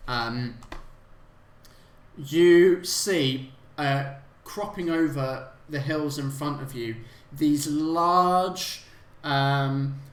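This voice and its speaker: A man narrating a tabletop game as game master, halting and full of fillers. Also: mid-range voice, fairly bright tone, echoey room. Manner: halting, many fillers and restarts.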